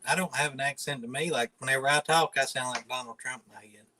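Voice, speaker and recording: A man's voice: mid-range voice, fast talker, sharp tone, a little hiss or hum, poor audio. A man from northern Alabama with a Southern accent, casually chatting with viewers on a livestream in a laid-back, mumbly drawl. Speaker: livestream host.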